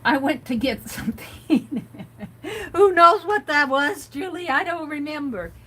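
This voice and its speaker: A woman's voice: high-pitched, expressive, a little slow, pushed and bright, low-quality recording. A woman hosting a casual art livestream, chatting and reading quotes aloud with amused comments. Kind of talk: casual craft livestream chat.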